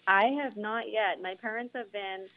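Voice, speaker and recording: A woman musician being interviewed on the radio, speaking earnestly and pausing with ums. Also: mid-range voice, steady tone, phone-quality sound. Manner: earnest, measured, with frequent ums. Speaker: guest musician.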